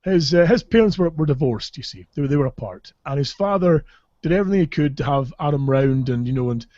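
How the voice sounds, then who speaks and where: A slightly high, expressive, darkish voice comes from a Caithness podcast host with a Scottish accent, talking at a quick pace. He rambles through comic stories full of swearing and laughs as he goes, in a lo-fi recording without echo.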